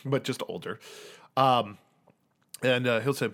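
A man narrating as game master of a tabletop game, lively and often laughing. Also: mid-range voice, a little slow, long pauses. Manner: lively, laughs often, slips into character voices.

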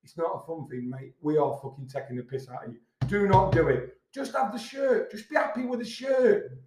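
A man's voice: on the high side, expressive, brisk, a little mellow. A middle-aged man, hosting a casual podcast and ranting bluntly with plenty of swearing. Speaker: podcast host. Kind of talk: casual pub-style chat. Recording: echoey room.

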